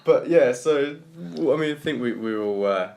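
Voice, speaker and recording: A man's voice: mid-range voice, moderate pace, vocal fry, a little mellow, slight background noise. A young man, co-hosting a casual podcast and asking the others questions in a chatty way. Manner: chatty, laughs while telling. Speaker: podcast co-host. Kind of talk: casual chat.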